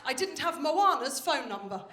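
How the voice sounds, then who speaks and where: High bright woman doing stand-up, brash and sweary, roomy live venue with a bit of noise. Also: normal speed. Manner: brash, animated storytelling with frequent swearing. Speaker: stand-up comedian. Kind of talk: stand-up comedy set. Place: stage of a live comedy venue. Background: audience laughter.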